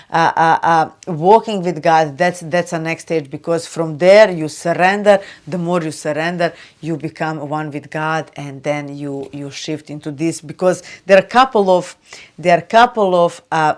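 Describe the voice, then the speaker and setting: A woman hosting a spiritual video, talking loosely and chattily with lots of "you know" and "like", turning soft and hushed for advice. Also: low-pitched. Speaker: spiritual channel host. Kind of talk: casual spiritual talk to camera.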